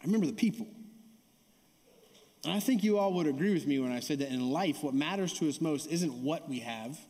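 High-voiced pastor in a reverberant church. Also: male voice, animated, brisk, warm tone. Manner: conversational, keeps asking the audience "right?"; calls for audience response. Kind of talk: sermon with storytelling. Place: church sanctuary. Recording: long hall reverb.

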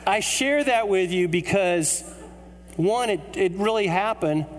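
A man from the United States preaching a sermon, telling a funny story in an animated, comic way. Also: high voice, measured pace. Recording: hall reverb with mains hum.

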